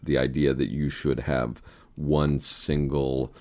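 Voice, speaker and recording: A man's voice: very deep voice, flat delivery, slow, a little mellow. A man hosting a casual interview, teasing his guest and laughing along. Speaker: podcast host.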